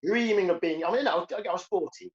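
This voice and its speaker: A man in his sixties from Liverpool, England, a comedian and karateka, is a guest in a casual conversational interview, captured with lo-fi sound. His voice is high and a little fast, and he comes across earnest and reflective, stammering his way into sentences.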